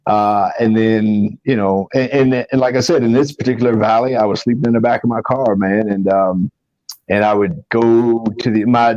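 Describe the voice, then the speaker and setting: A man's voice: medium pitch, a little mellow, dry recording, lo-fi sound. A man telling a personal story in a casual podcast chat. He rambles earnestly, restarts often and keeps saying "man.". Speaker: podcast co-host.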